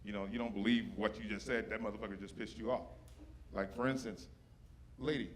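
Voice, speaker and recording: On a stage before a live audience, a stand-up comedian teases the crowd with brash, profane crowd work. His voice sits fairly low, with a steady tone and a brisk delivery. The live-show recording carries loud audience laughter and slight background noise.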